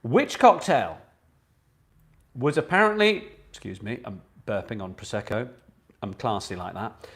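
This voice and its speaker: A man's voice: on the low side, expressive, measured pace, long pauses. A man hosting a live online pub quiz, chatting with viewers and reading out each question twice. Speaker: quiz host.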